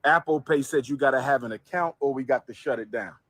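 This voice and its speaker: A man's voice: mid-range voice, quick pace, a bit bright, no room sound. A man in a played livestream clip making a repetitive and insistent appeal for donations.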